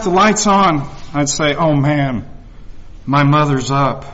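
A man's voice: fairly high pitch, a bit bright, highs cut off. A man addressing a congregation, earnestly retelling a personal story and voicing the people in it. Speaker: visiting speaker. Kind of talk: sermon storytelling.

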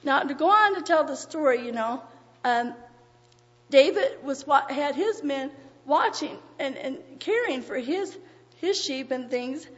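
A woman preacher with a high voice gives an earnest, folksy sermon, reading scripture aloud in an old-fashioned cadence. The recording is dull and lo-fi, and a long reverb from a large hall trails after each phrase. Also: expressive, a little slow, fairly bright tone.

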